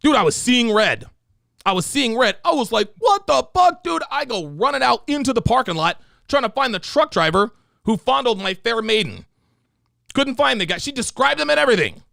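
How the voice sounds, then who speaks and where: Animated, gravelly-voiced male livestream host. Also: very high voice, fairly quick, no room sound, studio quality. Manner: animated, profane, storytelling. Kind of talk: reaction commentary and reading viewer donations.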